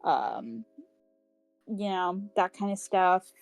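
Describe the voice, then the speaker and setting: Slow, rambling woman recapping a book. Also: mid-range voice, gravelly, dry recording, muffled recording, soft background music. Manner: rambling recap full of "um" and "like", with swearing; acts out characters' lines in quick paraphrase. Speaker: podcast co-host. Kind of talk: casual book club chat.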